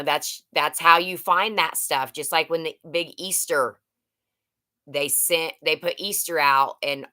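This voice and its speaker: A woman's voice: low-pitched, bright, forceful tone. A middle-aged woman hosting a casual livestream, rambling and chatting as she reads out viewer comments. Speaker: livestream host. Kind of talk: casual live chat with viewers.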